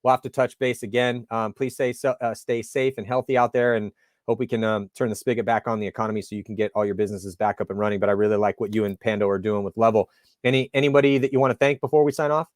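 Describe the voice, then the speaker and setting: Man, interview host, casual and animated storyteller, dry close sound. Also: fairly low pitch, quick pace, dry recording. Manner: animated storyteller acting out dialogue.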